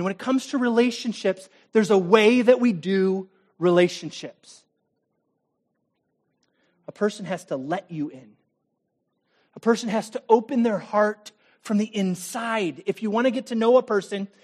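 Male pastor delivering a sermon; dramatic, challenging, moves between big emphasis and near-whispered intimacy. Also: high voice. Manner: dramatic, swings from loud emphasis to hushed, intimate tones; direct, challenging address to the listener.

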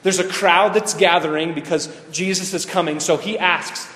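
A man's voice: fairly high pitch, normal speed, a bit bright. Man preaching in an echoey hall. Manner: questions the audience and repeats key points. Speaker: pastor or Bible teacher. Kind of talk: interactive sermon. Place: teaching room or church hall with a board. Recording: echoey hall with long reverb.

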